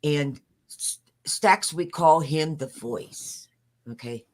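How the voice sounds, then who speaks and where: An older woman calls in with a very low voice and a slow, unhurried pace. She is hesitant and stammers a little, but stays affectionate. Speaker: caller. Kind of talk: casual livestream call-in.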